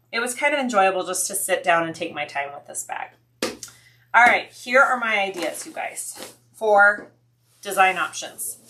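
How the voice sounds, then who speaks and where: A woman's voice: medium pitch, sharp tone, a little hiss or hum. A woman hosting a sewing livestream, chatting casually with viewers, thinking aloud and answering their comments.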